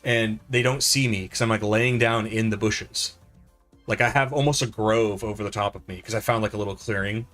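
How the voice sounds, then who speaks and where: A man's voice: lowish voice, fairly even intonation, fairly quick, a bit bright, faint music behind. A middle-aged man streaming gameplay, chatting casually and telling a rambling, self-deprecating story full of "like" and restarts. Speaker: live streamer. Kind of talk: casual live-stream chat over gameplay.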